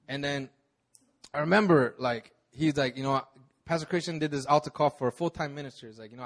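A man in his thirties, a pastor, telling his own story in a sermon in a casual, slangy way with many restarts. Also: fairly high pitch. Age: 30s. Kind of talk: sermon testimony.

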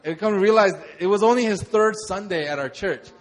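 A young man, a pastor, telling a lively sermon testimony and acting out the moments in his story. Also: high-pitched, a little fast. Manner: animated storytelling, acts out shouts.

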